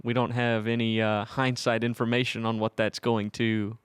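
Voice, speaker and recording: A man's voice: mid-range voice, flat delivery, moderate pace, clean tone, dry recording. A man co-hosting a podcast in a casual, rambling chat. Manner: rambling, chuckles often. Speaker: podcast co-host.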